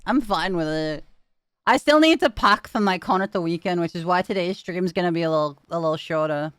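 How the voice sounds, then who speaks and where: A woman's voice: lowish voice, fairly quick, fairly bright tone, smooth, dry recording, studio quality. A young woman streaming, chatting casually with her viewers, giggling often and swearing freely. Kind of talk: casual chat.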